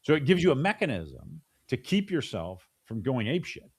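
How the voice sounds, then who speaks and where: A middle-aged man, guesting on a podcast for a casual interview, speaks animatedly with many restarts and repeated words, slipping into the voices of parents and kids. His voice is mid-range, husky, and sing-song, moving at normal speed.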